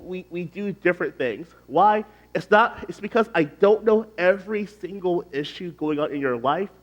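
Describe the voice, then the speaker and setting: A man with a somewhat high voice addresses a youth group as their pastor. His delivery is casual and rambling, peppered with fillers and false starts as he tells stories. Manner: chatty and loose, frequent "like" fillers and restarts.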